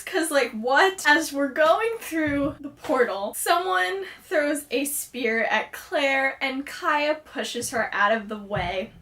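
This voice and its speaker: A woman's voice: high-pitched, expressive, a little slow, a bit bright. A young woman vlogger recapping a TV episode in a gushing, chatty way. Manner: gushing, fangirlish, many likes.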